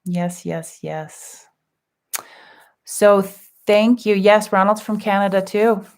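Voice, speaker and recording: A woman hosting a live spiritual group session, chatting gently and affectionately as she reads out viewers' comments with soft laughs. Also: medium pitch, steady tone, slow pace. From California. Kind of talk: casual live-stream chat.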